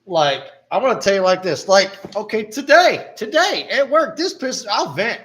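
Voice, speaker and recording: A man with a notably high-pitched voice talks in casual, profane chat. He vents bluntly and swears constantly, and he coughs now and then between stories. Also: sing-song, moderate pace, fairly bright tone. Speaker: podcast co-host.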